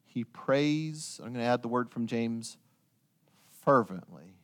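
A man preaching a sermon, retelling a story with lively storytelling and joking asides to his listeners. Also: mid-range voice, takes it slowly.

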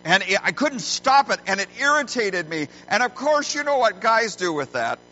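A middle-aged man preaching a sermon as a pastor, earnest and folksy, telling stories with deliberate pauses, recorded in a church. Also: high-pitched, sing-song, sharp tone. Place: church sanctuary. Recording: muffled lo-fi recording with faint hum.

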